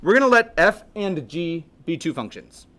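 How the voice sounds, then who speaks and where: A man teaching a math class in a classroom, his voice sitting a bit high. He jokes and chats between points and keeps throwing questions at his students. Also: sing-song, moderate pace, a bit bright. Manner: jokey, chatty, asks the class questions. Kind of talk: classroom lecture.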